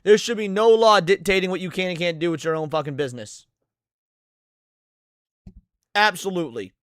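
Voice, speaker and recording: A man rants over a clip as a reaction streamer, swearing hard and tripping over repeated words. His voice sits high, and the mic sounds close and dry with no room around it. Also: animated, quick pace, clear, resonant tone, dry recording. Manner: ranting, heavy swearing, stammering repeats. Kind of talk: profane reaction commentary.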